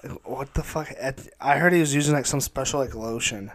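Excitable young guy saying "dude" a lot. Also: mid-range voice, a little fast. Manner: excitable storyteller, heavy swearing, says "dude" a lot. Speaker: guest. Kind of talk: casual gaming chat with a friend.

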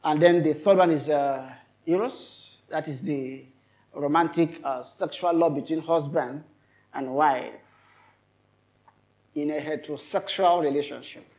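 A man's voice: a little high, unhurried, pauses often, a little mellow. A male pastor preaching a sermon, emphatic and repetitive, often turning to question his congregation.

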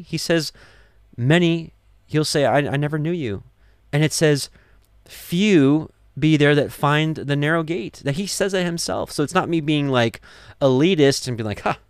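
A man's voice: fairly high pitch, no room sound. Earnest man teaching scripture, dry sound. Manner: earnest, conversational, many restarts and "you know". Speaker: Torah teacher. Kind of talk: scripture reading with sermon-like commentary.

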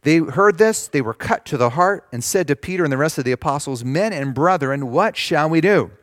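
A man preaching a sermon, reading scripture slowly with emphasis and explaining it in simple terms. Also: on the high side, lively intonation, no room sound, studio quality. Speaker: pastor.

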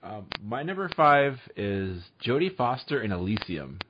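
A man's voice: fairly low pitch, unhurried, background noise. A man hosting a casual podcast chat, leading the segments and laughing often. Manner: leads the segments, lively and laughing. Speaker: podcast host. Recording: dull lo-fi sound.

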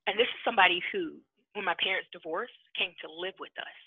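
Woman, emotional storyteller, husky voice, tinny phone line. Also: lowish voice, fast talker, dry recording. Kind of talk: casual storytelling.

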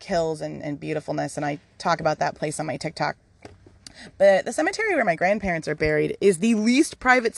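A woman's voice: mid-range voice, gravelly. A woman talks through her own podcast in a frank, chatty monologue, swearing without a second thought. Her voice sits mid-height and moves a lot, rising and dipping with feeling. She is recorded outside in a yard, and the sound stays dry, with no room echo. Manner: candid, chatty, swears freely. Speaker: podcast host. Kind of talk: casual personal podcast monologue. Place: outdoors in a yard.

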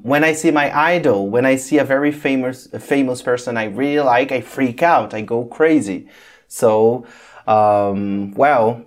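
An English teacher hosts a casual lesson, explaining patiently, checking in with "okay?" and pausing on many ums. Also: mid-range voice. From Brazil. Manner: patient, repeats "okay?" often.

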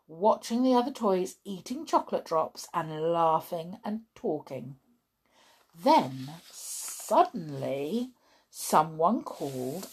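A woman reading a children's story aloud in an expressive way, with chatty asides to her young listeners. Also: lowish voice, takes it slowly, slightly rough.

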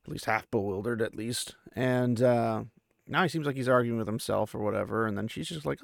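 A man's voice: mid-range voice, fairly quick, vocal fry, dry recording, clean studio sound. A male podcast host giving a casual, rambling recap of a book chapter, full of fillers and asides. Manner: rambling and chatty, with many fillers.

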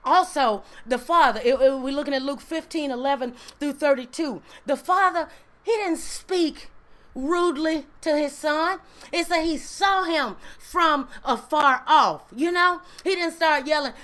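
Woman preacher, high voice, emphatic sermon delivery with "right?" and "amen" asides. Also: a little slow, fairly bright tone.

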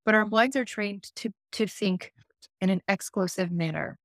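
A woman who works as an intuitive life coach, telling a story in a podcast interview in an animated way and acting out the dialogue. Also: mid-range voice, normal speed, no echo, clean studio sound. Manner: animated, acts out dialogue in her stories; frequent self-restarts and fillers.

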